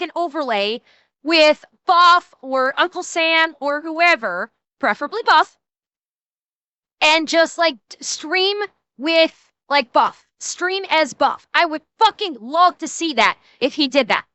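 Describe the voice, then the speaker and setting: Bright, high-voiced excitable woman streamer. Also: dry recording. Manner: profane, excitable, rambling with restarts. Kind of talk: casual livestream reaction commentary.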